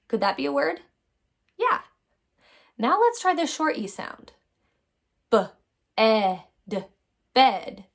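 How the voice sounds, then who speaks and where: A woman teacher giving a phonics lesson to young children, warmly upbeat, stretching out sounds and calling her students my friends. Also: sits high.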